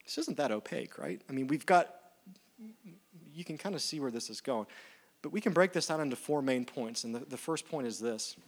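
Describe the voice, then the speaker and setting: A man's voice: mid-range voice, brisk. A male pastor preaching a sermon in a conversational way, acting out the lines of the parable. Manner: conversational, animated retellings of dialogue.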